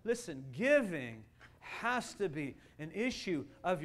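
A man preaching a sermon as a pastor, animated and playful, with bursts of loud excitement. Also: high-pitched, fairly quick. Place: church sanctuary.

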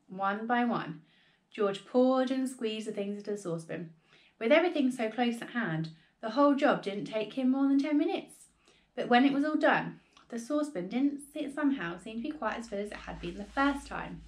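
A woman teacher reading a children's book aloud with expressive storytelling. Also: medium pitch, moderate pace.

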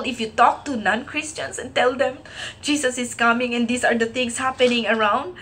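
A woman's voice: on the high side, fairly even intonation, normal speed, fairly bright tone, slight background noise. A woman preaching an emotional sermon, earnest and tearful, crying as she speaks and at times dropping to a whisper. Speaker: Christian preacher.

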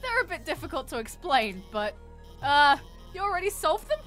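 A woman's voice: sits high, big pitch swings, normal speed, fairly bright tone, faint music behind. A woman reading as a nerdy, nervous lady scientist. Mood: eager. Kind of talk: reading game dialogue aloud.

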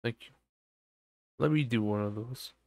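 A man's voice: mid-range voice, a little slow, darkish tone, no room sound, studio quality. A tired man streaming a game, rambling crudely and goofily to his chat. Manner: rambling, crude and goofy, drifting into silly voices. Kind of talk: casual live-stream chatter.

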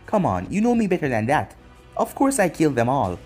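A man's voice: on the high side, huge pitch swings, a little fast, a little mellow, breathy edge, faint music behind, heavily acted. A man voicing a cruel, smug young male ninja who taunts his former friends with mocking chuckles.

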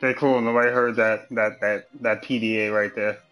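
A man streaming a video game and chatting with friends in a voice party, profane and joking, laughing often and swinging into loud mock outrage. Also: lowish voice, flat delivery, a little fast, soft background music. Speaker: gamer streaming live. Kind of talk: casual gameplay chat with friends in a voice party.

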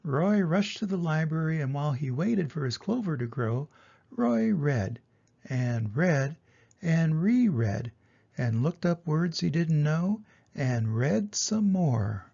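Older man reading a kids' storybook, slow and gravelly, muffled lo-fi home recording. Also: a little high, very animated, warm tone. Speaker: grandfather reading aloud. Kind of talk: children's storybook read-aloud.

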